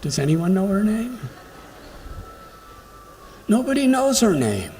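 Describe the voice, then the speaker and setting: A man giving a devotional lecture, telling stories slowly and reflectively with emphatic pauses. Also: high-pitched, wildly swooping pitch, dark tone. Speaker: spiritual lecturer. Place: temple hall during a pilgrimage. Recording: long hall reverb, faint background noise.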